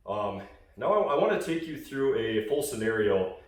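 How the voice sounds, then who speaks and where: A man's voice: mid-range voice, very animated, normal speed, very echoey, recorded from a distance. A man casually explaining goose calling in a hunting call tutorial, rambling with fillers and restarts.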